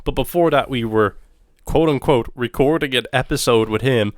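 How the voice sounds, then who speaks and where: Young male podcast co-host, smooth and clear, dry close sound, animated storyteller. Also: medium pitch, moderate pace, dry recording. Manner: animated storytelling, swears a lot. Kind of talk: casual chat.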